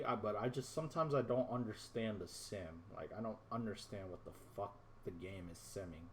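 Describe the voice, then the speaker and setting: A man's voice: fairly low pitch, moderate pace, hardly any pauses, a little hiss or hum. A man ranting to his viewers in casual gameplay commentary, frustrated, swearing and rambling, calling them "boys". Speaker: gaming YouTuber.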